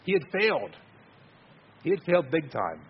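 A man's voice: fairly high pitch, wildly swooping pitch, normal speed, breathy edge, dull audio. A man giving an earnest, conversational sermon, repeating words as he stresses his points. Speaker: preacher.

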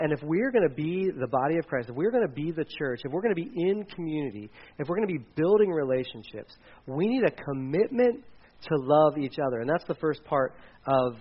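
A man's voice: fairly high pitch, highs cut off. A man in his forties, a pastor preaching a casual sermon with dad jokes and frequent fillers. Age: 40s.

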